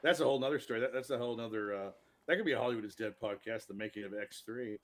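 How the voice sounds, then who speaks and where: A man co-hosting a podcast in casual chat, opinionated and quick to react. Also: mid-range voice. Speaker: podcast co-host.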